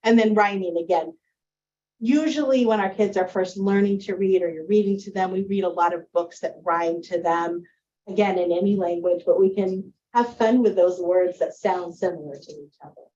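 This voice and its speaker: A woman's voice: fairly low pitch, moderate pace, dark tone, dull audio. A woman teacher giving a presentation to parents on early reading, explaining with friendly spoken examples.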